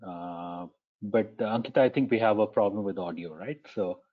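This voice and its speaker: A man's voice: on the low side, moderate pace, phone-quality sound. A man presenting a conversational webinar talk, posing rhetorical questions, answering them, and often checking in with "right?".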